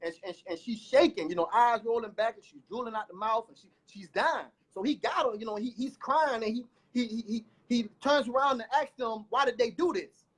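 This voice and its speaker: A man with a strikingly high voice and a drawl tells his life story as a testimony. He talks over a phone, circling back on words, repeating himself and restarting phrases as the story pours out. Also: brisk, hardly any pauses. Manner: repetitive, animated storytelling with many restarts. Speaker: guest giving a testimony.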